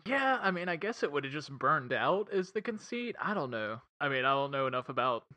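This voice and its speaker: Bright-voiced man chatting about a movie. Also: fairly high pitch, sing-song, brisk. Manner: laughs a lot, swears, rambling. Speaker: podcast co-host reviewing a film. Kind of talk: casual chat.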